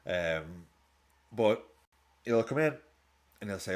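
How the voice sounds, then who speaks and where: A man's voice: sits low, lively intonation, a little slow, pauses often. A man with a casual, rambling manner, chatting and laughing often as he hosts a live football watch-along stream.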